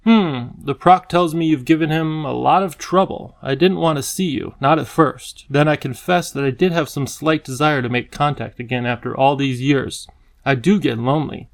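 A man voicing a regal, friendly male creature king with a deep voice and an engaging lisp, genial and a little fussy. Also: normal speed, creaky.

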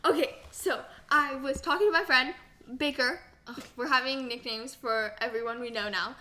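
A woman's voice: high-pitched, moderate pace, pushed and bright. A young American woman co-hosting a casual podcast, giggly and rambling, full of "like" and tangents. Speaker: podcast co-host. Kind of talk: casual chat.

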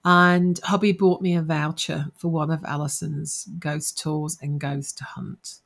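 A woman's voice: low voice, little pitch movement, a little slow, vocal fry. A middle-aged woman, co-host of a ghost-hunting podcast, chatting casually and laughing at herself as she tells her story. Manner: laughing, self-deprecating storyteller.

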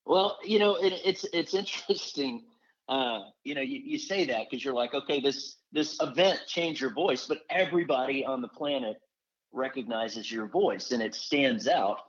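A man co-hosting an interview, asking questions in a rambling, halting way. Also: mid-range voice, muffled recording. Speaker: co-host. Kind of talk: casual interview talk.

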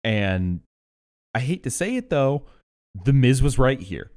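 A young man co-hosting a casual podcast chat, enthusiastic and quick to laugh. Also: medium pitch, very animated, darkish tone. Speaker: podcast co-host.

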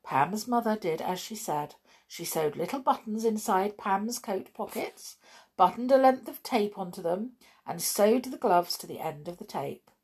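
A woman reading a children's story aloud in an animated, expressive way, with a few fillers. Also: mid-range voice, measured pace, husky.

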